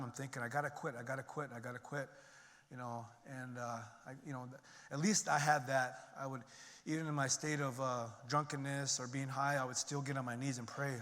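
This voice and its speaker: A middle-aged man with a medium-pitched, sharp-toned voice shares his recovery story in a personal testimony talk. He speaks conversationally, with many fillers and restarts, and the recording carries the long reverb of a large hall.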